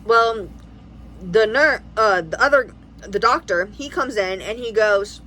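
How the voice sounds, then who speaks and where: A young American woman vlogging in a casual storytime, rambling and animated as she acts out what everyone said. Her voice is bright and forceful, with a faint hum of noise behind her. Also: medium pitch, normal speed, low-quality recording. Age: 20s. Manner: rambling, animated retelling with quoted dialogue. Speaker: family vlogger.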